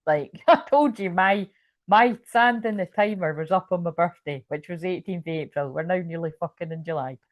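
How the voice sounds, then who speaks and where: A woman's voice: fairly low pitch, a little fast, no room sound, muffled recording. Rambling, swearing woman tarot reader. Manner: rambling, casual, swears freely; keeps checking in with "you know what I mean". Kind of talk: live tarot reading stream.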